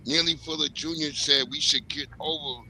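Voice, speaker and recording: A man's voice: fairly high pitch, steady tone, moderate pace, bright, forceful tone, slight background noise, low-quality recording. A man in a casual panel talk, heated and blunt, swearing freely.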